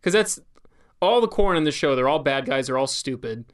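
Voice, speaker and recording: A man's voice: medium pitch, lively intonation, brisk. A man with a mid-range voice co-hosting a podcast. He explains things in a casual, wry way and walks his co-host through the details. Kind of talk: casual chat.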